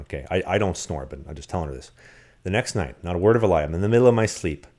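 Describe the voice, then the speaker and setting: A man co-hosting a podcast, telling rambling, animated stories in casual chat. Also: deep voice, rapid-fire. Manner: animated, rambling anecdotes with acted-out quotes. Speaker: podcast co-host. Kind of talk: casual storytelling.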